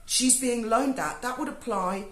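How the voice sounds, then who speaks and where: A woman's voice: a little high, measured pace. Sarcastic woman ranting, echoey room. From Britain. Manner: sarcastic, swears freely, mocking asides. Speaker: YouTuber. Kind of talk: sarcastic review monologue. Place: home in Spain.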